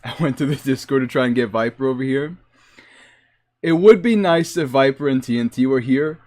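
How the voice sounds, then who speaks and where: A man's voice: medium pitch, moderate pace, a little mellow. A man from the Boston area chatting casually and jokingly on a livestream into a desk microphone. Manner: rambling and joking. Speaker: streamer.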